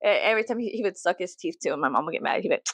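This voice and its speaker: A woman's voice: fairly low pitch, expressive, rapid-fire, dry recording. Profane, chatty young woman vlogger. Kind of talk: casual rambling monologue.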